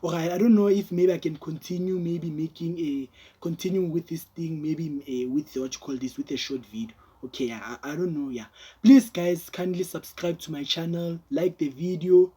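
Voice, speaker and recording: A man's voice: on the high side, moderate pace, dark tone, husky. A man doing heated, rambling reaction commentary, talking straight to his viewers. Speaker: vlogger.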